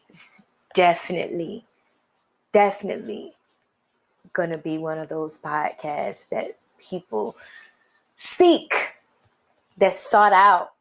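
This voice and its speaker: With a lowish voice, a woman hosts her own podcast and offers motivation, speaking casually and drawing out pauses for emphasis.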